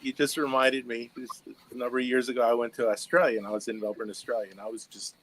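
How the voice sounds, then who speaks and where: A man from Southern California, a guest actor, telling an animated travel story with restarts. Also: mid-range voice, quick pace, a little hiss or hum, low-quality recording. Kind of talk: casual anecdote.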